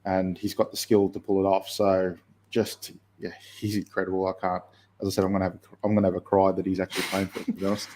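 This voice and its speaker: A man co-hosting a football podcast, his voice low, dark and mellow. He speaks in a flat, even tone with little rise and fall, relaxed and conversational. He drifts through his points with easy fillers. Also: fast talker, slight background noise. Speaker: podcast co-host and youth football coach. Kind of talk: casual football podcast chat.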